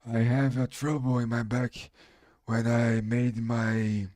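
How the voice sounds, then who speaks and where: A man from Brazil with a Brazilian Portuguese accent and a strong voice, chatting on his live stream in halting English as a non-native speaker. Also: medium pitch, flat delivery, darkish tone, no room sound, studio quality. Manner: halting, searching for English words. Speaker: game streamer. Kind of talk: casual live-stream chat.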